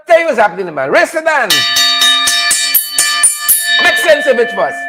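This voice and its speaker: Guy hosting a live show, real high voice, jumps all over, chatty with his viewers. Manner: animated, talks to viewers by name, repeats catchphrases. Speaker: host of a live political show. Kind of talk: casual live-stream commentary.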